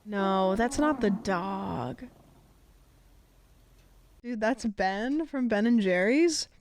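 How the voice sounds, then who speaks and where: A woman's voice: medium pitch, expressive, drawn-out words, darkish tone. A woman streamer chatting casually, telling rambling stories full of fillers and giggles. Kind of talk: casual chat.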